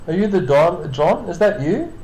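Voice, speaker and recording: A man's voice: high voice, animated, moderate pace, a little mellow. Tired rambling streamer guy in a roomy room. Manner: rambling, self-correcting, chatty. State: tired, yawning. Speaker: streamer host. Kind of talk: casual live-stream chat. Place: home apartment. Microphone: computer setup with webcam.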